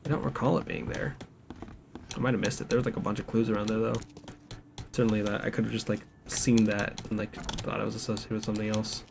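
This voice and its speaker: A young man talks fast in a low, gravelly, darkish voice with little pitch movement. He's streaming a game at home, joking around and reading the game's notes aloud in rambling let's-play commentary, with background noise and keyboard typing in the recording.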